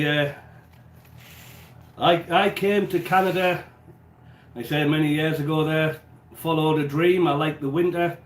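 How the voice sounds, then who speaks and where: A man's voice: a little high, reverberant. A man with an English accent, hosting a live cooking stream, chatting and answering viewers, with a stuffy nose and an occasional cough. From England. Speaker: cooking livestream host. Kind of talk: casual live-stream chat while baking. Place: small home kitchen.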